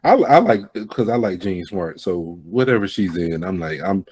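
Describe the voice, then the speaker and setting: A man's voice: low voice, normal speed, husky. A man co-hosting a casual movie podcast, joking and acting out lines as he talks. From American South. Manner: joking, animated storyteller who acts out quotes. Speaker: podcast co-host. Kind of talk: casual chat about a movie.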